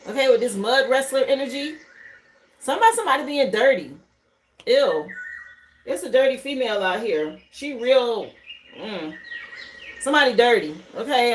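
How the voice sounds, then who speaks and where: Woman, high voice, live tarot reader, chatty and loose, faint background noise. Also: rough recording. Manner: chatty, greets viewers, thinks aloud over the cards. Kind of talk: casual live tarot reading. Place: home livestream setup, burning incense.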